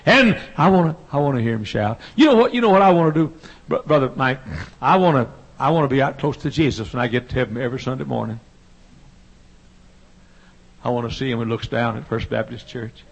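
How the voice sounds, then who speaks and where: Gravelly, husky preacher man. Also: medium pitch, a little fast, dull audio. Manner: fervent, swelling to impassioned pleading; folksy and humorous. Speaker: pastor. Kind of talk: revival sermon.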